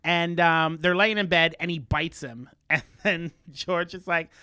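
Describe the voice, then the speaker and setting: A man's voice: on the high side, a little slow, bright, forceful tone, smooth, no echo, clean studio sound. A man co-hosting a casual chat podcast, recapping a show in a chatty, playful way. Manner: chatty, recaps plots with playful quoted voices. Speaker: podcast co-host.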